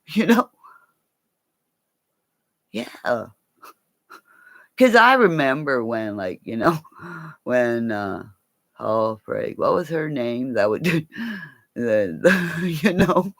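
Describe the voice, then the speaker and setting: A woman's voice: very deep voice, expressive, slow pace, long pauses, no room sound. A woman chatting on a livestream, rambling from one thought to the next, laughing often and swearing now and then. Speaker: livestream host. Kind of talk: casual livestream chat.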